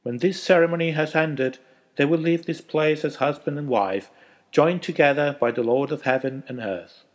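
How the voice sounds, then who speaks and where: A man plays a solemn wedding officiant, speaking at a moderate pace in a voice on the high side. It's pitched above his own natural voice, though it still sounds natural.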